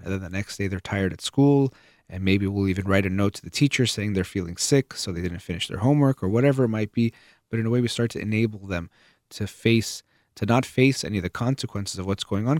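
A man with a fairly low voice talks earnestly about raising children, mixing a personal story with examples of what a parent might say. The sound is dry and close, with no room echo. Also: a little mellow. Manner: earnest, explains with personal stories and quoted examples. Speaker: parenting advice speaker. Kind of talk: conversational advice talk.

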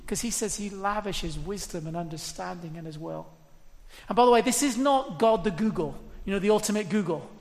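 A woman's voice: mid-range voice, a little fast, a little mellow. Earnest woman preaching in a reverberant hall. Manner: earnest, repetitive, conversational preaching. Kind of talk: sermon.

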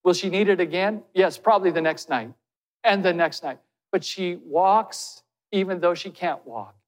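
Preaching in a church hall, a pastor with a high-pitched voice speaks at a moderate pace, earnestly posing direct questions to the congregation. Long hall reverb colors the recording.

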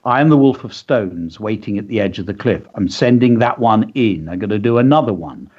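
A man's voice: on the low side, moderate pace, lo-fi sound. A man hosting a live radio writing workshop, reading out listeners' lines and coaching them in an encouraging way while he thinks aloud. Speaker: radio show host and writing teacher.

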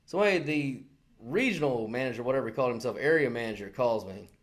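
A man's voice: mid-range voice, lively intonation, fast. A man in his forties co-hosting a casual podcast, telling a story heatedly with lots of swearing and mimicking the people he quotes. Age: 40s. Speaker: podcast co-host. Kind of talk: casual chat.

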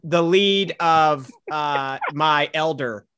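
Rambling bright-voiced male co-host. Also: on the high side, very slow, clean tone. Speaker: podcast co-host. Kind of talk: casual chat.

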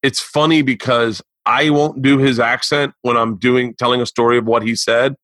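In a dry, close-miked recording, a man in his forties hosts a casual podcast, telling stories in an animated, rambling and profane way. His voice is mid-pitched and his pace moderate.

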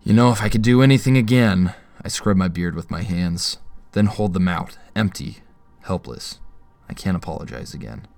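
A man with a lowish voice narrates an audio drama in the first person, wry and tense. He sounds close to the mic, with a dry sound and no room echo. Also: expressive, normal speed, vocal fry, darkish tone, soft background music. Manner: wry, tense inner monologue.

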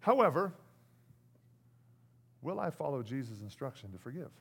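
A man preaching a sermon, animated, swinging between loud bursts and hushed lines and acting out what people say. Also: medium pitch, normal speed, vocal fry, husky. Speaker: pastor.

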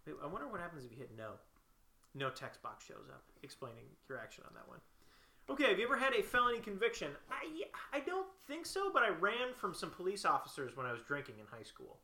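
A young man co-hosting a comedy show, bantering and bickering in an animated way. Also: high voice, fast talker, roomy sound. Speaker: co-host.

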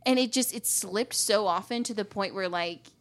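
A woman's voice: mid-range voice, normal speed. Chatty young woman, rambling podcast guest. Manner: rambling, filler-heavy, giggly. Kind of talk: casual chat.

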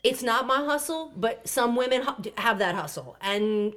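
A woman's voice: a little high, animated, moderate pace, a bit bright. A woman co-hosting a podcast, chatting casually and profanely, full of playful asides and impressions. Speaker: podcast co-host. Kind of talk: casual recap chat.

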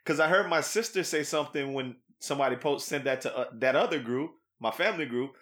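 A man hosting a podcast, chatting casually in an animated, slangy way with lots of laughter. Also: on the high side, fast talker. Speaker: podcast host. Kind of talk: casual chat.

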